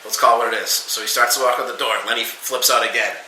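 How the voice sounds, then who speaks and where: A man's voice: medium pitch, fast talker, reverberant, a little hiss or hum, poor audio. Man telling a profane bar story. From New England. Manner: animated, profane, acts out quotes. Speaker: podcast guest. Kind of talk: casual storytelling.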